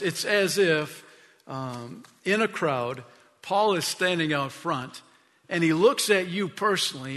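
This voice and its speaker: Pastor guy preaching, bright forceful voice, goes hushed then loud, church hall reverb. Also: sits high, a little slow. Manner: emphatic storytelling preacher, swinging from hushed to loud. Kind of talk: sermon. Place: church sanctuary. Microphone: stage mic.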